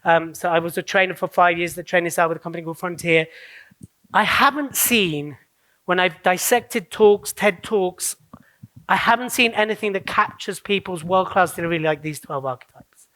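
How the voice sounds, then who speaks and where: A man giving a live keynote on public speaking, playful and energetic, often checking in with his audience. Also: sits high. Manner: playful, energetic, slips into quick mock voices. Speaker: public speaking coach on stage. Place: conference stage.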